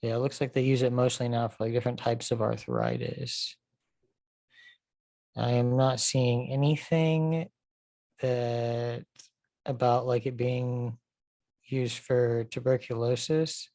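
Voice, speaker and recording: Mellow-voiced casual podcast co-host. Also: medium pitch, flat delivery, takes it slowly, pauses often, no room sound. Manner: thinks aloud, reads search results aloud, fillers like "um" and "like". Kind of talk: casual chat.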